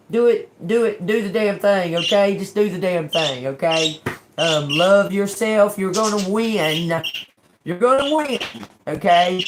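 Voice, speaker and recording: A woman's voice: mid-range voice, background noise. A woman doing a casual live-stream tarot reading. She talks in an encouraging way, ends many lines with "okay?", often repeats and restarts words, and slips in joking, sarcastic asides. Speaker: tarot reader.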